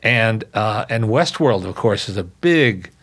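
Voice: medium pitch, lively intonation, a little slow, fairly bright tone, husky. A talk show host asking questions in a dry, wry way. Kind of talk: interviewing.

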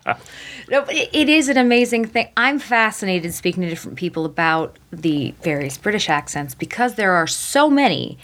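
A woman's voice: mid-range voice, big pitch swings, normal speed, a bit bright. An American woman hosts a podcast in casual conversation. Her voice sits in a mid range, and she talks with open enthusiasm and chatty energy. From United States. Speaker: podcast host. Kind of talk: casual interview chat.

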